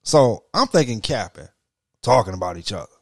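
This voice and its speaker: Animated middle-aged man, dry sound. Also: fairly low pitch, fairly quick, vocal fry, no echo. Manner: animated storytelling, slips into quoted voices. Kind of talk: casual profane chat.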